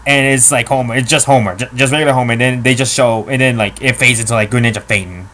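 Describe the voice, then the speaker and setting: A man's voice: medium pitch, fairly even intonation, fast, sharp tone, a little hiss or hum. A man co-hosting a casual podcast, telling loose, chatty stories with fillers. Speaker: podcast co-host.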